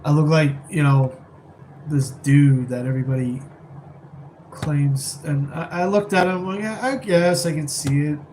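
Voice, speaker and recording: A man's voice: a little high, unhurried, darkish tone, a little hiss or hum, low-quality recording. A man casually chatting on a live stream, rambling and laid-back while answering viewers from a rented apartment, keeping his voice down.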